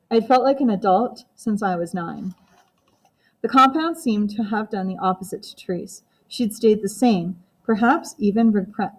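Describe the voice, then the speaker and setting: A woman reads a first-person novel aloud with steady, even storytelling. Her voice sits at a medium pitch for a woman, and she keeps the narration plain and measured. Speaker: audiobook narrator.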